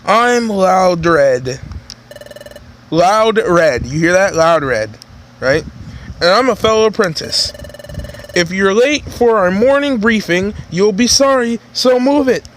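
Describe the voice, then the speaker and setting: A man voicing a loud, brash male creature apprentice in a game, with slow, drawn-out, booming lines. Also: animated, a little hiss or hum, exaggerated voice. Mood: bossy.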